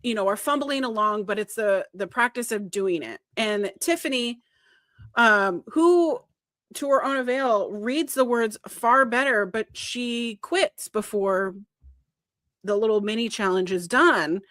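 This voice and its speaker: A woman co-hosting a casual podcast, retelling events with animated flair and acting out quoted lines. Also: fairly high pitch, unhurried, dry recording. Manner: animated storytelling, acts out quoted lines, swears when worked up. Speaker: podcast co-host.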